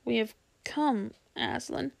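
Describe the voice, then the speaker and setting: An earnest boy trying to be brave, speaking in a hushed, earnest way in a storybook reading, as a woman reads him aloud. The voice is fairly high, with a gravelly edge. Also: slow, exaggerated voice.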